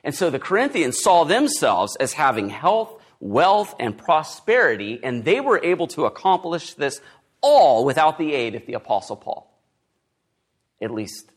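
A man preaching an expository sermon as pastor, with emphatic stresses. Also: mid-range voice.

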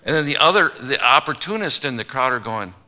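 A man's voice: medium pitch, expressive, a little fast, sharp tone. A male pastor preaching a sermon in a church auditorium, talking in a conversational, humorous way and acting out the voices of people in the story.

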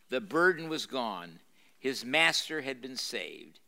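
An older man reads a novel passage to a gathered audience, leaning into the drama and breaking off to explain the scene. His tone is bright and forward. He restarts phrases and fills pauses as he goes. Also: medium pitch, very animated, creaky, slight background noise. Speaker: pastor reading a novel aloud. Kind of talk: live lecture reading with commentary. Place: university lecture room.

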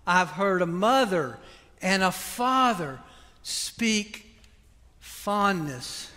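Older man, pastor, earnest sermon, high-pitched voice, long church reverb. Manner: earnest, pleading preaching that drops soft into prayer.

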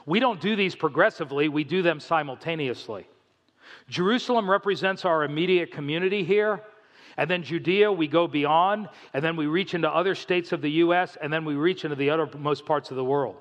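A man preaches a sermon from the pulpit, telling stories with animation and acting out the voices of the people he quotes. His voice sits a little high. It rings with the long reverb of a church sanctuary. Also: brisk, a bit bright, muffled recording. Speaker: pastor.

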